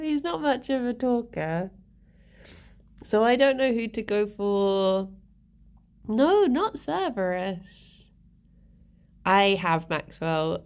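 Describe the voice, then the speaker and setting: A relaxed woman streamer, unhurried and prone to giggling, chatting with her viewers between asides to her pets. Her pitch sits in an ordinary middle range, and her easy drawl keeps everything at a leisurely pace. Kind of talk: casual live-stream chat.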